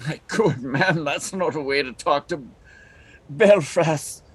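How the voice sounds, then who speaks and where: A man voicing a courtly, flattering rogue in a tabletop game. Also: on the high side, slow, breathy edge. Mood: smooth, charming. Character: smooth-talking charming male rogue.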